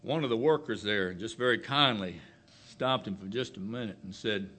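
A man preaching a sermon, slow and emphatic, rising to loud declarations and dropping to hushed phrases. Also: on the low side.

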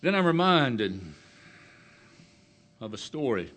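A man preaching a sermon, slow and emphatic, rising to loud declarations and dropping to hushed phrases. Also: medium pitch, very animated.

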